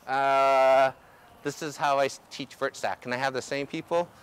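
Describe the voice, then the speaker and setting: A man coaching a group through drills outdoors, energetic and instructive, often checking in with "okay?". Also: medium pitch, moderate pace, clear, resonant tone. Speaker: ultimate coach. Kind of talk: outdoor coaching clinic demonstration. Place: outdoor field.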